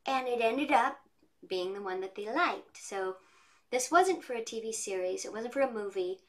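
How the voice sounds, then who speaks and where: A woman voice actress chatting as an interview guest from her home studio, telling stories in a lively way. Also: fairly high pitch, normal speed. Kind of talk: casual interview chat.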